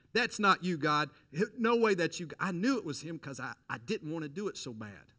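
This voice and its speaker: Male pastor, middle-aged, animated storyteller, mid-pitched voice, sermon.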